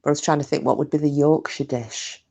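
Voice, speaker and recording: A woman's voice: sits low, steady tone, a little fast, gravelly, warm tone, lo-fi sound. A woman chatting casually with her live stream viewers, talkative and self-mocking, swearing freely.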